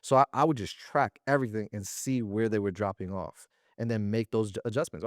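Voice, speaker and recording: A man talking as an interview guest about running a sales business, in slangy, animated casual speech. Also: lowish voice, brisk, no room sound, clean studio sound. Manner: slangy and animated, often acting out little quoted exchanges.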